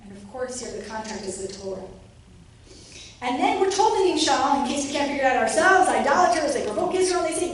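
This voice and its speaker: Female lecturer, high voice, animated delivery, distant mic in a very echoey room. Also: a little fast. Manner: lively, acts out quoted voices with rising pitch. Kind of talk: academic lecture. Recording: roomy echo, distant mic, faint noise.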